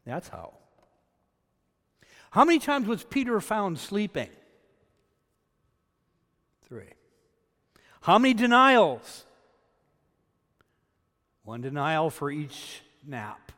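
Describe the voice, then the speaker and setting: A man from Canada preaching a sermon. He swings between loud, emphatic peaks and quiet asides. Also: high voice, sing-song, very slow, long pauses, in a large hall. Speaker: pastor.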